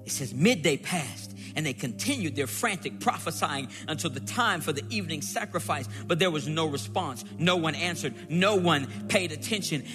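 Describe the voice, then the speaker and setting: Lively, high-voiced preacher in a hall. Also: male voice, moderate pace, few pauses, music in the background. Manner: dramatic, acts out scripture with rising shouts and playful asides. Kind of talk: sermon.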